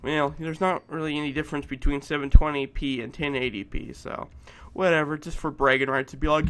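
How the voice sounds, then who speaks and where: A man giving let's play commentary, excitable and profane, shouting at game monsters. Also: on the high side, normal speed. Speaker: gameplay commentator.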